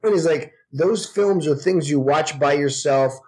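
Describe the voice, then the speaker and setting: Husky, profane man in his forties. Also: on the high side, measured pace. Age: 40s. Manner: profane, animated storytelling. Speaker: guest actor. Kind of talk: casual podcast chat.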